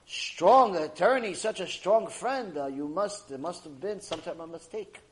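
A stern king who speaks slowly and weighs his words, as a man acts him out. The voice is measured and held back. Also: sits high, expressive, slight background noise.

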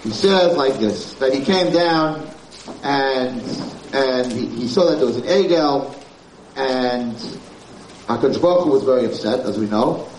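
A man's voice: mid-range voice, measured pace, darkish tone. A man, a rabbi giving an informal Torah class, talking emphatically, repeating his points and mixing in Hebrew terms. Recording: roomy, distant, faint background noise.

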